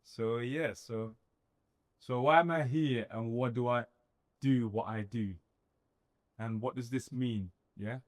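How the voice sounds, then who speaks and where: A young male entrepreneur speaks at a medium pitch and a slow pace, with long pauses and no room sound. He gives a live motivational talk, telling stories in an animated way and acting out his own quoted dialogue.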